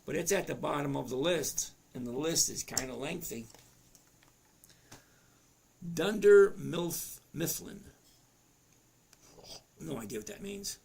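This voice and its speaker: Speaking slowly and pausing often, a man in his fifties runs a live trading lesson, chatting, cutting himself off, and reading viewer comments aloud. His cracking voice is fairly high, gravelly, and a little mellow, with lively intonation. There's a slight hiss or hum.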